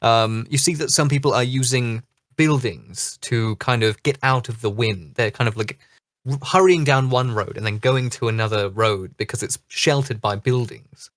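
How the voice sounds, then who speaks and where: A man's voice: medium pitch, normal speed, fairly bright tone, no room sound, studio quality. A man narrating a tabletop game as dungeon master in a loose, chatty way with fillers.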